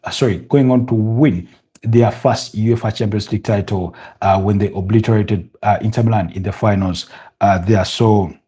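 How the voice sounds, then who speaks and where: A man's voice: lowish voice, husky. A young man with a Ugandan English accent hosting a live football watch-along, chatting with viewers and calling the action, with lots of fillers and restarts. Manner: many fillers and restarts, rising excitement at goals. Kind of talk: live match commentary and chat.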